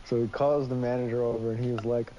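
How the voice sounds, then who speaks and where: A man's voice: mid-range voice, little pitch movement, fast, dark tone, highs cut off, a little hiss or hum. Young man telling a sweary story. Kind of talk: casual chat while gaming.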